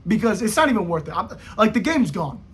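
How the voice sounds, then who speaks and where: Husky, high-voiced guy ranting. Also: very animated, fast. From United States. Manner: rambling, slangy, profane, jumpy pitch swings. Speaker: football vlogger. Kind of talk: casual rant to camera.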